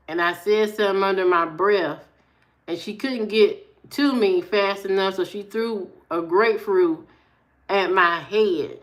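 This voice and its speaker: A woman live streamer telling family stories in casual chat, acting out the people she quotes. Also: medium pitch. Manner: animated storyteller, acts out quoted voices.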